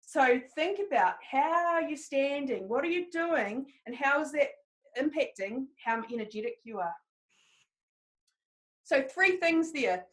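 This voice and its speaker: A woman leads a live training webinar. Her voice sits high and bright in pitch, and she keeps an upbeat, encouraging tone as she speaks directly to her listeners. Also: lively intonation, unhurried. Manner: upbeat, encouraging, talks straight to the audience. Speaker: presentation skills trainer.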